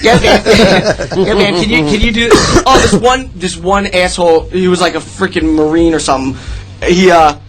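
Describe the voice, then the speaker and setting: A man in his thirties hosting a radio show, rambling loudly and swearing a lot in casual banter. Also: high-pitched, normal speed, soft background music, rough recording. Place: radio studio.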